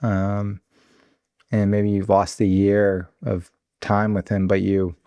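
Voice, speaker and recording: Mellow low-voiced male interviewer. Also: monotone, slow pace, clean tone, dry recording. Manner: affirming, reflective follow-up remarks. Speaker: host. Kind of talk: interview conversation.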